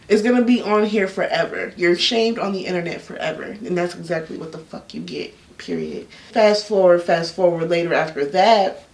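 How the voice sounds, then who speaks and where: Slangy young woman, echoey room. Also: on the low side. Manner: candid, slangy, animated retelling. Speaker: YouTube storyteller. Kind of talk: casual storytime vlog. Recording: echoey room, a bit off-mic.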